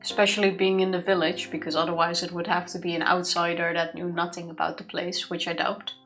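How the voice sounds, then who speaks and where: A woman's voice: fairly low pitch, flat delivery, brisk, a bit bright, soft background music, poor audio. A woman co-hosting a let's play, chatting in a tired, laid-back way. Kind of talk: casual gaming chat.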